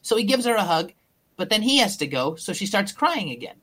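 A woman telling crude jokes in a casual, deadpan storytelling way. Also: medium pitch, a little fast, husky. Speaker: guest.

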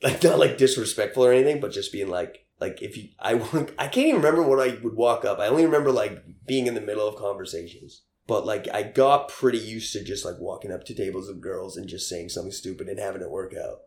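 A man's voice: fairly low pitch, fast talker, hardly any pauses, a little mellow. Rambling young man in an echoey room. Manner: rambling, laughs often, many fillers. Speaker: interviewee. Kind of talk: casual storytelling.

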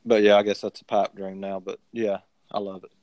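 Low-voiced guy joking about football, dry close mic. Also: flat delivery, a little fast, darkish tone, no echo. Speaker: podcast co-host. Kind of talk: casual sports picks chat.

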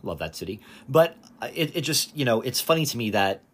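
Guy doing a comedy rant, sarcastic, rambly, lots of ums, middle pitch. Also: sing-song, fairly quick, fairly bright tone, husky. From Canada. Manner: sarcastic, rambling, with many fillers. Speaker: host. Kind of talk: comedic monologue.

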